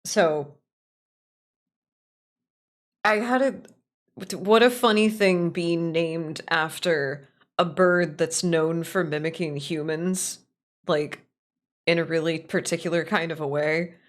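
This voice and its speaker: A woman's voice: on the low side, fairly even intonation. A woman streaming a game, chatting casually with lots of swearing, rambling asides and laughter. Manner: profane, rambling, quick to laugh. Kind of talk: casual let's-play chatter.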